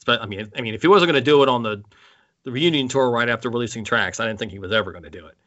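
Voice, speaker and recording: A man's voice: medium pitch, a bit bright, muffled recording. A man co-hosting a podcast, chatting casually and enthusiastically about concert tours, often restarting his sentences. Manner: enthusiastic, halting with restarts and laughs. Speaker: podcast co-host.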